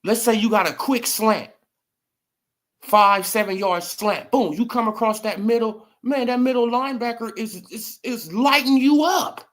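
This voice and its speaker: A man's voice: very high-pitched, a little slow. A man ranting about sports in a casual commentary video, emphatic and repetitive. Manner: animated, emphatic, repeats "bro" and "right?".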